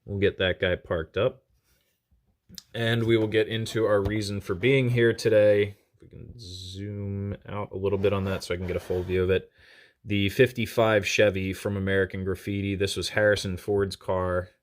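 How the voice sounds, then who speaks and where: A man with a notably low voice narrates an unboxing in a relaxed, chatty way. He thinks aloud, fills pauses with "uh" and "um", and pokes fun at himself as he handles small pieces indoors at a desk. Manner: chatty, self-deprecating, thinks aloud with fillers. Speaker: diecast collector channel host. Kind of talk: casual unboxing commentary.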